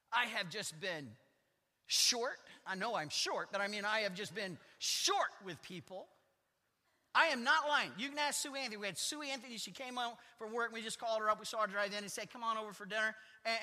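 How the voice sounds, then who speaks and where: Middle-aged man, pastor, teasing and self-mocking, very bright tense voice, long church echo. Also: high voice. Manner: playful, teasing the congregation, self-mocking asides. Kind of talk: joking conversational sermon. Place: church sanctuary.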